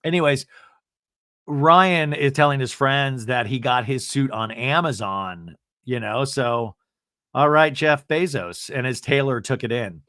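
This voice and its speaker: A man hosting a podcast, casually recapping an episode with wry asides and acting out quotes in jumpy, higher voices. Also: a bit bright, dry recording, clean studio sound. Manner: acts out quotes with quick pitch jumps. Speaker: podcast host.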